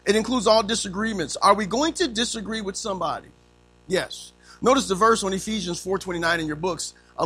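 A man's voice: sits high, brisk, soft background music. A man in his fifties preaching a sermon, telling funny stories and acting out the voices in them. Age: 50s. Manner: animated storytelling, acting out quotes; humorous.

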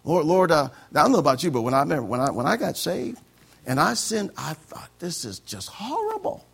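Pastor, male, raspy higher voice, lively sermon delivery with acted-out dialogue. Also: fast talker. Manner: animated, acts out conversations.

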